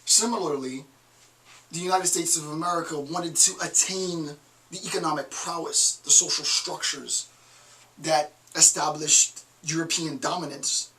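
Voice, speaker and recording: Bright-voiced man lecturing from a distance. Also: fairly high pitch, steady tone, unhurried. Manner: digressive, joking asides. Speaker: college lecturer. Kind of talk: recorded online lecture.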